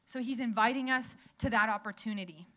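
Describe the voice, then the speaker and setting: A young woman at a church gathering preaches a casual sermon in a fairly high, pushed, bright voice that runs a little fast. She keeps things chatty, asks the audience questions, and laughs often.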